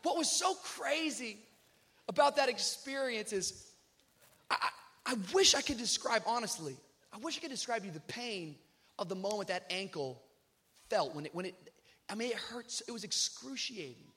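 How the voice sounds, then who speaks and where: A man preaching a sermon, telling a funny personal story and acting out the voices with shouts. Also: high voice, normal speed, slightly rough. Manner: animated storyteller, acts out shouted quotes. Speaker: pastor.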